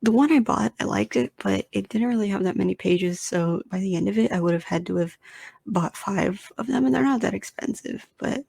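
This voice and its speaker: A woman's voice: medium pitch, fairly quick, vocal fry, mellow, husky, no echo. A woman hosting her own podcast, talking casually and rambling with lots of fillers, restarts and self-deprecating asides. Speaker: podcast host. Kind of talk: casual solo podcast talk.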